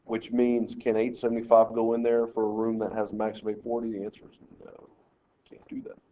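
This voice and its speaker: A man in a recorded math lesson works each problem aloud step by step and tells his students how to set out their work. His voice is mellow and dark-toned. The audio is dull and lo-fi, like a screencast mic. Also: on the low side, completely flat delivery, brisk, a little hiss or hum. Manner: talks through problems step by step, directing students. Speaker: math teacher.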